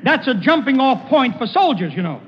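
A man starring in a 1940s radio comedy show, trading quick punchy jokes with his announcer at a live show on an army post. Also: very high voice, sing-song, heavy background noise. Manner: brisk, punchy joke delivery. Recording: muffled old radio broadcast, roomy hall. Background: band music.

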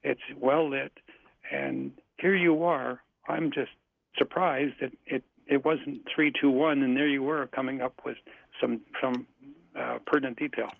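A man guest on a radio talk show, calmly coaching listeners, repeating himself, self-assured. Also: medium pitch, unhurried, gravelly, dry recording. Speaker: psychic guest. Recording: dry, tinny phone line.

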